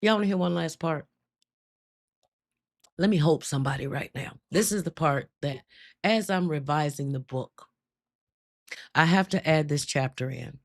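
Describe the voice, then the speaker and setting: A woman hosting a live stream, telling her testimony with emphatic, drawn-out storytelling and frequent laughter. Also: low-pitched. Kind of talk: spoken testimony to a live chat.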